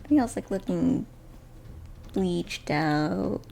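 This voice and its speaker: A woman's voice: lowish voice, a little slow, creaky, warm tone, slight background noise. A woman giving casual gameplay commentary, chatting away and talking to the characters on screen. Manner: chatty, talks to game characters. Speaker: video game player.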